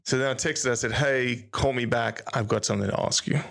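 A man's voice: mid-range voice, steady tone, a little fast, gravelly, a bit bright. A man chatting on a podcast, rambling through a story and retelling conversations with quoted dialogue. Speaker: podcast co-guest. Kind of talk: casual interview chat.

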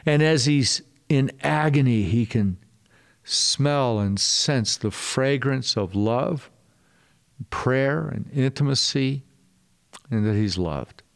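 A man preaching a sermon in a casual, animated way, with slangy asides to his listeners. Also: mid-range voice, slow, vocal fry. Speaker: pastor.

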